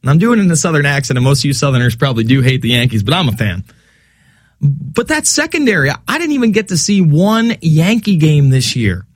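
Lively, high-voiced male radio host. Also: a little fast, dry recording, studio quality. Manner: animated, sarcastic, mocking quoted voices. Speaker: radio talk show host. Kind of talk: talk radio monologue.

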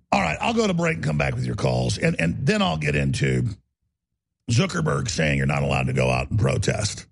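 A man hosting talk radio in a relentless, bellowing rant. His voice is heavily gravelly and husky, sits a little high, and lurches between pitches with great animation. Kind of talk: ranting talk radio monologue.

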